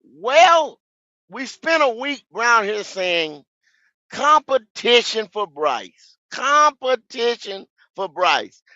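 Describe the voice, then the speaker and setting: A man, hosting a fan podcast, ranting in a profane, repetitive way with sudden shouts. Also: very high voice, big pitch swings, takes it slowly, no room sound, highs cut off. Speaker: podcast host. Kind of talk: football fan podcast rant.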